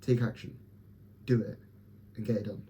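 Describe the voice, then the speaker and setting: Young male vlogger, low, very dark and mellow voice, blunt and profane, talking himself up straight to camera. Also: steady tone, normal speed, a little hiss or hum. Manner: blunt, profane, self-motivating pep talk. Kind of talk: candid personal vlog.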